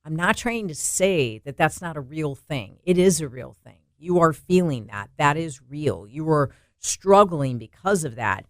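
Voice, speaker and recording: A woman's voice: sits low, lively intonation, unhurried, few pauses, no echo, clean studio sound. A woman co-hosting a faith and fitness talk show, speaking earnestly and building to emphatic declarations. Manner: earnest, rising to emphatic exclaims. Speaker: co-host. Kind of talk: faith podcast conversation.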